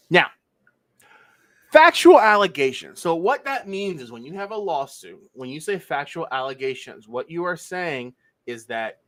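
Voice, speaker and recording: A man's voice: medium pitch, a bit bright, no echo. A man from Pennsylvania hosting a casual livestream, walking through a legal filing and skipping the boilerplate. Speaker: livestream host.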